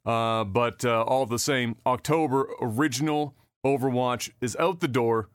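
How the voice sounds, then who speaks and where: A man's voice: mid-range voice, a little slow, clean tone, dry recording, studio quality. A man hosting a casual gaming news podcast, sarcastic and offhand, swearing freely, with many fillers and restarts. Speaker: podcast host.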